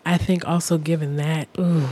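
A woman's voice: low voice, little pitch movement, moderate pace, mellow. A woman co-hosting a podcast who chats casually in a dry, teasing way, often with short replies. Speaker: podcast co-host. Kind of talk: casual chat.

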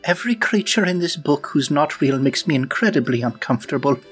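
A man taking part as a player in a tabletop game podcast, chatting in a relaxed, easygoing way. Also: a little high, brisk, faint music behind.

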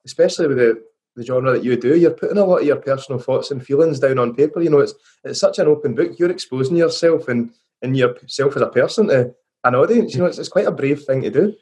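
Fast-talking podcast host. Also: male voice, mid-range voice, darkish tone. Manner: chatty, repeats words as he starts questions. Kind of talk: casual interview questions.

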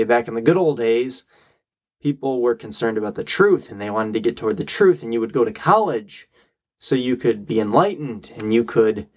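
A young man hosting his own podcast, giving emphatic, argumentative solo commentary and getting worked up. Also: mid-range voice. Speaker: podcast host.

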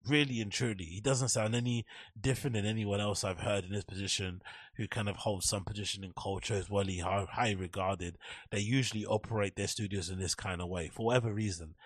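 A man's voice: fairly low pitch, fairly even intonation, brisk, husky, no room sound, clean studio sound. A young man hosting a casual solo podcast, reading an article aloud and breaking off to riff with sardonic, sweary commentary. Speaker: podcast host.

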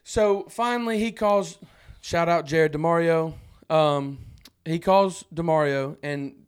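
High voiced guy from arkansas, loud and animated, acting out freaking out. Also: slow, smooth. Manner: animated, acts out his own panic. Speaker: guest. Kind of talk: casual storytelling.

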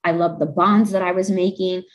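Young woman guest, kinda low voice, opens up about her life, candid n heartfelt. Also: steady tone, normal speed, rough recording. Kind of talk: interview conversation.

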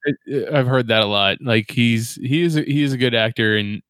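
Male co-host, easygoing and laughing, mid-pitch, dry sound. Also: moderate pace, fairly bright tone, dry recording. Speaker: podcast co-host. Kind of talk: casual chat.

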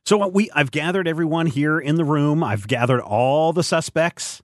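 A man's voice: on the high side, normal speed, no echo, studio quality. A man co-hosting a casual movie chat, playful and theatrical, with many hesitations. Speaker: podcast co-host.

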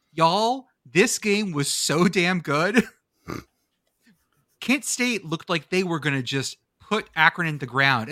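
An excitable man co-hosts a casual sports podcast and swears freely as he talks. His voice is pitched a little high and sounds very bright. The sound is close and dry. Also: no room sound. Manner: excitable and profane. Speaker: podcast co-host.

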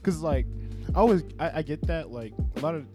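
A man's voice: a little high, animated, a little fast, over music. A man in his twenties co-hosting a casual podcast, rambling with lots of fillers and acting out what people said. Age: 20s. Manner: rambling, filler-heavy, acts out quoted voices. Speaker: podcast co-host. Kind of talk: casual chat.

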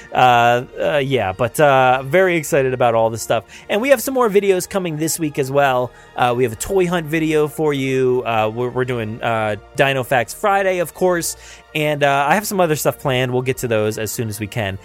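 Upbeat rambling podcast host, lively pitch. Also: male voice. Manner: rambling, upbeat, lots of fillers. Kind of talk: casual podcast chat.

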